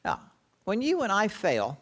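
Lively high-voiced male preacher. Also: a little slow. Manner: dramatic storytelling, acts out quoted lines. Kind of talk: sermon.

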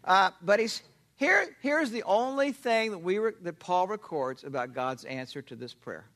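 Lively high-voiced preacher. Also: male voice, moderate pace. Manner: animated, emphatic, asks and answers his own questions. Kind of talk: expository sermon.

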